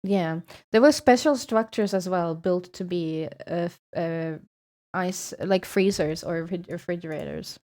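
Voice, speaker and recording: A woman's voice: lowish voice, a little slow, darkish tone. A young woman from Sweden with a Swedish accent, chatting casually with her stream viewers, swearing freely and laughing often.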